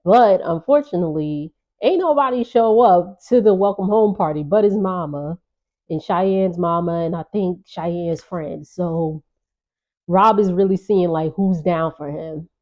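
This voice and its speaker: A woman's voice: fairly low pitch, a little slow, lo-fi sound. A woman vlogger recapping a reality show in a chatty, gossipy way, with laughing asides. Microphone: on-camera.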